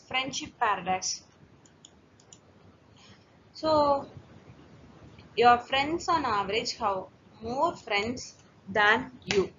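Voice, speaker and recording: A woman's voice: a little high, pushed and bright, slight background noise. Woman lecturer, dull lo-fi recording. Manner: explains step by step with fillers and restarts.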